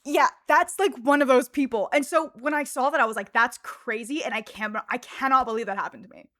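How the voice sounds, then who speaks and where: Female streamer, casual chatty storyteller, higher voice, dry close mic. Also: fast talker, no echo. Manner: animated storytelling, laughs often, fillers like "like". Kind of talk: casual livestream chat.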